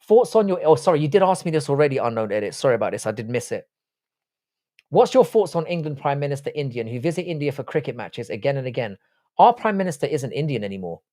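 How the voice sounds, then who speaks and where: A man's voice: medium pitch, big pitch swings, quick pace, warm tone. A man from Cork, hosting a livestream, reading viewer questions and answering them bluntly, with lots of swearing. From Cork, Ireland. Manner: blunt and heavily profane, shifting between jokes and asides. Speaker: livestream host.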